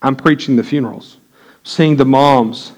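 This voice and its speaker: A man's voice: mid-range voice, a little slow, darkish tone, poor audio. A middle-aged man preaching a sermon, telling a candid personal story that builds to impassioned preaching. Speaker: pastor.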